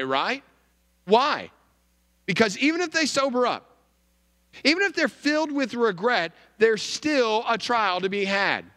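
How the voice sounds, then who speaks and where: A male pastor giving a sermon, emphatic, with wide swings in pitch and volume. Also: sharp tone, in a large hall.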